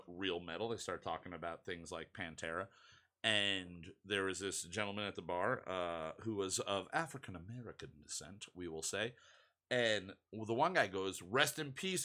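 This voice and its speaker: Pitched low with a sharp edge, this podcast co-host speaks at a moderate pace. He chats casually, spinning a rambling story packed with restarts and asides.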